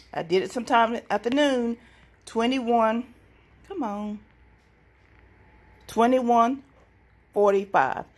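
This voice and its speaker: Excited chatty woman vlogger. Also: fairly high pitch. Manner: chatty, excitable, addresses viewers as y'all. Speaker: couponing vlogger. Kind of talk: casual deal-hunting vlog.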